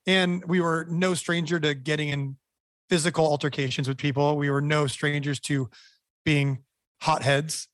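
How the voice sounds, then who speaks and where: A man's voice: a little high, level tone, normal speed, no echo. A man in an interview, bluntly telling a wild story and swearing freely. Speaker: band member guest.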